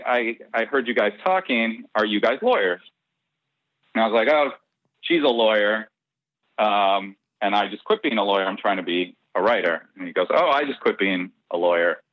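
A man's voice: on the low side, dry recording. A man, a soap opera head writer, telling stories in a casual interview and acting out the dialogue. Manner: lively, acts out dialogue in his stories. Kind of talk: casual anecdotal storytelling. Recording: dull, dry lo-fi podcast audio.

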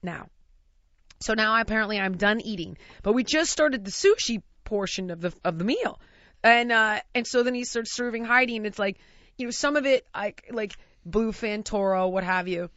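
A woman telling a funny story in a casual chat, animated and laughing as she mimics the people in it. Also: mid-range voice, moderate pace, dry recording. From United States. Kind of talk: casual anecdote. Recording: dry, slightly dull lo-fi recording.

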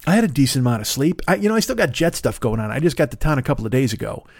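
A man's voice: medium pitch, very animated, rapid-fire, gravelly, slightly rough. A man hosting a solo comedy podcast from his desk, rambling and interrupting himself with sarcastic asides. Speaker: podcast host. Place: at a desk in a home studio. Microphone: studio microphone.

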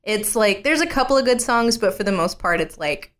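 A woman's voice: mid-range voice, animated, a little fast, a bit bright. A young adult woman co-hosting a casual podcast chat, talking in a loose, filler-heavy way with frequent laughs.

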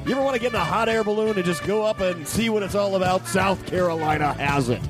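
A comedian man playing an overexcited tourism-ad pitchman who rattles off breathless, rambling sales patter. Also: fast talker, music in the background, lightly acted. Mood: hyped. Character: overexcited male tourism-ad pitchman, booming and folksy. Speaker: comedian guest.

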